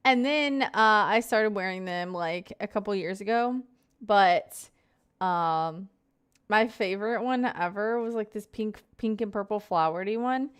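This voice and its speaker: A woman's voice: medium pitch, measured pace, clean tone. A young woman in her twenties chatting casually on a live stream, greeting viewers by name and rambling through stories.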